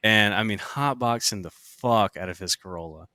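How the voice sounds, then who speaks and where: Young guy rambling through a crazy story, bright tense voice, dry close mic. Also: fairly low pitch, normal speed, dry recording. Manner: animated, profane, acts out quotes. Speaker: podcast co-host. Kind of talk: casual storytelling.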